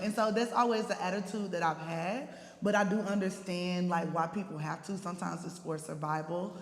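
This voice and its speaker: A woman's voice: mid-range voice, fairly quick, few pauses, roomy sound, big-room sound. A young woman with an East Texas accent, speaking frankly and animatedly on a discussion panel. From Texas, USA.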